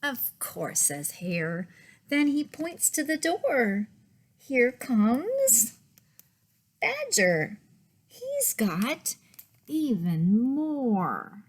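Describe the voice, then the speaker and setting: Librarian lady reading picture books to kids, super slow, bouncy voice, keeps going all whispery. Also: sits high, slightly rough. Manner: gentle, expressive, slipping often into whispers. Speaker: children's librarian. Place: public library.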